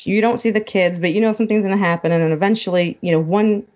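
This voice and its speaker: A woman's voice: mid-range voice, steady tone, quick pace, darkish tone, dull audio. A woman guest in a casual chat, retelling a film plot and getting choked up as she goes. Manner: emotional, choked up while retelling. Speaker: podcast guest.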